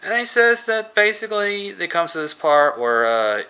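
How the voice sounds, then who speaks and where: A man casually recapping a movie scene by scene, rambling and halting with many filler words. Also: high-pitched, very animated, bright, forceful tone, clean tone. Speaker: movie reviewer.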